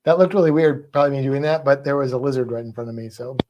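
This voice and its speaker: A man co-hosting a trivia livestream, chatting casually between questions. He reads out the questions and the viewers' comments. His voice sits at a middle pitch and he laughs easily. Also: racing, warm tone.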